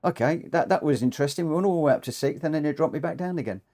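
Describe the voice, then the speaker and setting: A man's voice: fairly high pitch, rapid-fire, mellow. A man chatting through a live racing game stream, rambling with frequent ums, a bit short of breath and coughing now and then. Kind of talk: live gameplay commentary.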